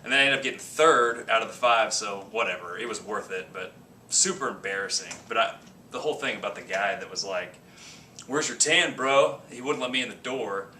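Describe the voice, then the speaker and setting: A man's voice: fairly low pitch, fairly quick, distant mic, slight background noise. Man telling a story in an echoey room. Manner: rambling, animated anecdote with quoted voices. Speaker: fitness vlogger. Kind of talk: casual storytelling.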